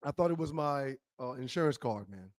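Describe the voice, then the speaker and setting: A man co-hosting a talk show, telling an animated story and acting out a shouting cop. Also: mid-range voice, a little fast, no room sound. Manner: acts out a cop's voice, loud and shouting.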